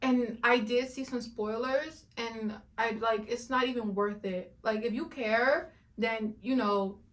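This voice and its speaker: A woman's voice: a little high, measured pace. A woman with a slightly raised voice, talking as a video reviewer. She rants in a dramatic, emphatic way and hammers her points by saying them again and again. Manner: dramatic, emphatic, repeats herself for effect. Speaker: YouTube reviewer. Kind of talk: animated rant and review.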